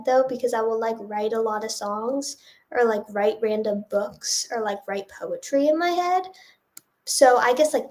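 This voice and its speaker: A woman's voice: high-pitched, darkish tone. A young woman with a nasal voice, a singer-songwriter answering chat questions in a casual livestream, rambling with lots of fillers. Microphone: phone or webcam livestream.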